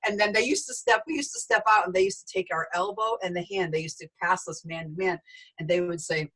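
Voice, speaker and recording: A middle-aged woman giving an animated sales training talk, telling stories with voices for the people in them. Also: lowish voice, quick pace, low-quality recording. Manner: storytelling, lively quoted voices.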